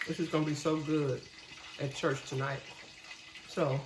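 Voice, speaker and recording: In her cooking video, a woman with a low voice speaks flatly at a measured pace while casually showing her home-cooked dishes. Homey and churchgoing, she tastes the food on camera with her mouth full. The recording is roomy and the background noisy.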